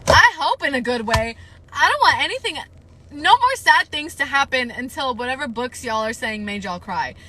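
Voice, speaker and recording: A woman reading a novel aloud on a live stream, with steady narration and emotional, gushing asides to her chat. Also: sits high, normal speed, poor audio. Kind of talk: live read-aloud with reactions.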